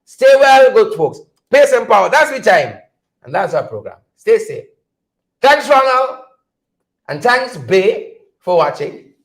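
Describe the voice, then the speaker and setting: A man's voice: high-pitched, sing-song, unhurried, rough recording. A man with a Guyanese accent hosting a political commentary livestream, sarcastic and repetitive, pleading with his viewers.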